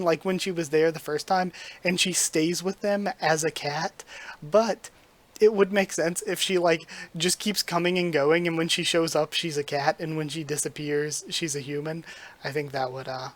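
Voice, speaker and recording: A man gives enthusiastic, rambling commentary while reacting to a manga he is reading. He talks casually and leans on fillers. His voice sits a bit high for a man. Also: fairly even intonation, normal speed. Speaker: manga reaction channel host.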